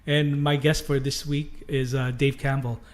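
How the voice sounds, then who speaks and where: A man's voice: mid-range voice, flat delivery, a little slow. A man, a DJ guest on a podcast, telling old club stories in casual chat, laughing often, swearing freely and restarting sentences. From Canada.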